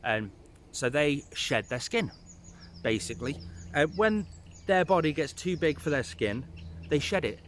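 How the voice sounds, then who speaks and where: A man's voice: fairly high pitch, big pitch swings, unhurried, long pauses, a bit bright, a little hiss or hum. A man giving casual pet-snake advice to camera outdoors, rambling and losing his place now and then. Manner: rambling, loses his place, chatty asides. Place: outdoors in the rain.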